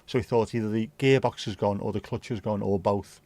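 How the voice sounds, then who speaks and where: A man's voice: on the low side, steady tone, brisk, a little mellow, no echo. Middle-aged scouse guy rambling to his stream chat, swears a lot, dry close sound. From Liverpool, England. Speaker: livestream host. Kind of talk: casual chat to live chat.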